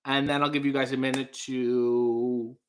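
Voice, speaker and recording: A man's voice: mid-range voice, flat delivery, a little slow, slight background noise, natural voice. A man playing a nervous, overly polite restaurant waiter in an improvised comedy sketch, stammering and laughing awkwardly. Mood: flustered.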